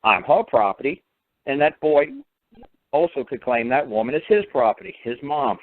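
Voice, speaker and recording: A man's voice: mid-range voice, lively intonation, normal speed. Emphatic man on a tinny phone line. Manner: emphatic storyteller, repeats words for stress. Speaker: radio show guest speaker. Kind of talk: call-in radio talk.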